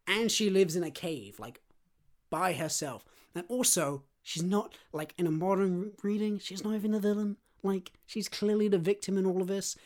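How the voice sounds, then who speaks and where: A man co-hosting a casual podcast chat, excitable and rambling, full of fillers. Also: high voice, moderate pace. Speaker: podcast co-host.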